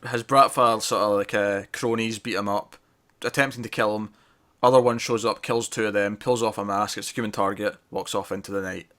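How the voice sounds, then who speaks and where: A man's voice: lowish voice, steady tone, fairly quick, fairly bright tone. Rambling man chatting about TV. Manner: rambling, self-correcting, laughing often. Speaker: podcast co-host reviewing TV. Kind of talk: casual review chat.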